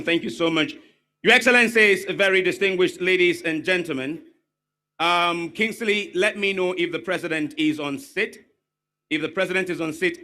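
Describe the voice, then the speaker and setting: A man's voice: high-pitched, bright, forceful tone. A man with a Nigerian accent acting as master of ceremonies at a formal event, making courteous, repetitive welcomes and polite pleas in a large crowded hall.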